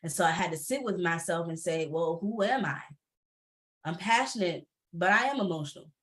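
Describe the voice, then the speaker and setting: A woman speaking candidly on a panel, expressive, laughing often, her pitch jumping when she gets animated. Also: fast. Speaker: panelist entrepreneur.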